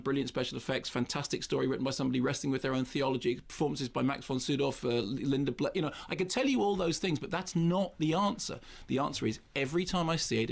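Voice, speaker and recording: Fast-talking, gravelly man telling stories. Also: on the high side. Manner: rapid, excitable storytelling with acted-out exclamations. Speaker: film critic being interviewed. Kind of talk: animated anecdotal interview talk.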